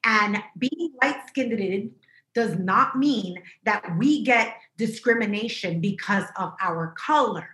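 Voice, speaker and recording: A woman co-hosting a podcast over a video call, chatting casually in an animated, emphatic way. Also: a little high, roomy sound. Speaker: podcast co-host. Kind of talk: casual chat.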